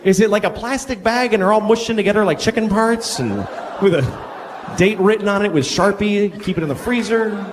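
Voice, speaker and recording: A middle-aged man performing stand-up comedy on stage, telling stories in an animated, incredulous way. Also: sits high, brisk. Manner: animated, incredulous storytelling with swearing. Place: comedy stage before a live audience. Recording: live stage recording with background noise.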